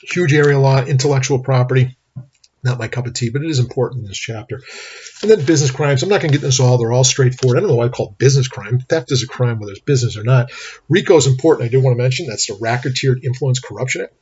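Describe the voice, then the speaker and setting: A man's voice: medium pitch, racing, darkish tone, husky. A middle-aged man giving a rambling, anecdotal recorded lecture as a law instructor. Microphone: webcam mic. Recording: lo-fi webcam recording.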